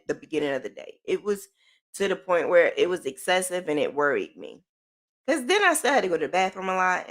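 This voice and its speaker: A woman's voice: on the low side, a bit bright. A middle-aged woman hosting a podcast, telling a personal story in a casual, rambling way with lots of "like" and "um". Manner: chatty, lots of "like" and "um", repeats herself. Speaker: podcast host.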